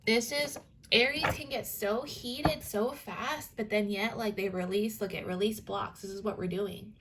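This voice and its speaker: A young woman, a tarot reader and spiritual coach, gives a casual reading in a medium-pitched voice. She rambles, uses lots of filler words, and swears casually, with a little hiss or hum in the audio.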